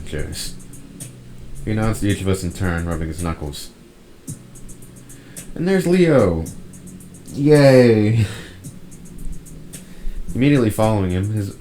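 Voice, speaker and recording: A man's voice: deep voice, darkish tone, rough recording. A man reading a furry visual novel aloud in first person, breaking off for wry joking asides. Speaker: visual novel narrator and player.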